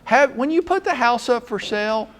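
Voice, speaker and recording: A man with a Southern American accent giving a blunt, sarcastic, animated training talk to real estate agents. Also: very high voice, moderate pace. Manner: blunt, sarcastic, mock-scolding.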